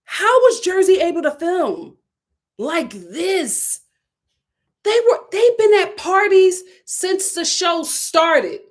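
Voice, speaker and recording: A woman hosts a casual live recap of a reality show. Her voice sits high and swoops all over the place. She sounds incredulous and says things twice to drive a point home. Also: slow pace. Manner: animated, incredulous, repeats herself for emphasis. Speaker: reality TV review host.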